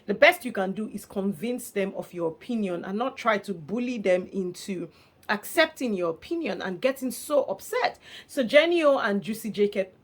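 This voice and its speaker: A woman vlogger recaps reality show drama in a casual, gossipy way. Her voice sits in a middle register, and she is animated and expressive, laughing often as she tells it. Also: mid-range voice, moderate pace.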